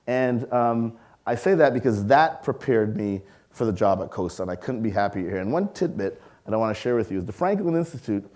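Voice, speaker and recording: Mellow-voiced man telling lively stories. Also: lowish voice, brisk. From Canada. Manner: lively storyteller, acts out voices, engages audience with questions. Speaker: science museum leader giving a public talk. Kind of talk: public lecture with personal stories. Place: lecture hall with audience.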